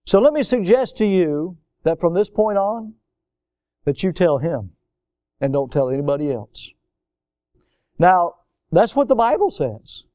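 A male pastor preaching a sermon, swinging between loud emphatic outbursts and low, quiet asides. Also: no echo, clean studio sound. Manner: animated, swings from loud high exclamations to low quiet remarks.

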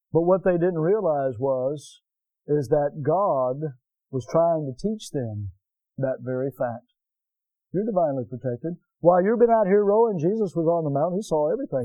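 A man's voice: on the high side, dry recording, dull audio. A man preaching a sermon earnestly, asking his listeners for responses and ending in prayer. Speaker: pastor.

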